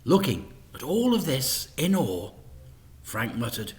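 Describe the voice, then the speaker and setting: Slow, expressive male story reader. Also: mid-range voice. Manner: expressive, slow, dropping to whispers. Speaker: teacher reading to children. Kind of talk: storybook read-aloud.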